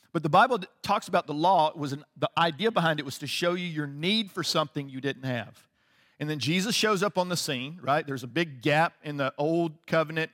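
A man's voice: on the high side, a bit bright. A man in his fifties preaching a casual, conversational sermon as a pastor, laughing often and asking "right?" after his points. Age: 50s. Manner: conversational, laughing, frequent tag questions.

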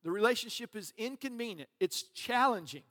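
A man's voice: very high voice, lively intonation, brisk, sharp tone. A man preaching a sermon as pastor, conversational and joking, with asides to the congregation. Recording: long reverb of a large hall.

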